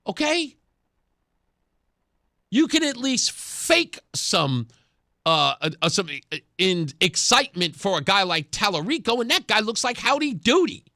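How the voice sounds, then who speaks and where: Animated high-voiced male radio host. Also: a little slow, dry recording, clean studio sound. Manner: animated, sarcastic, laughs often. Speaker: radio talk show host. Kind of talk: opinionated political radio commentary. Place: radio studio.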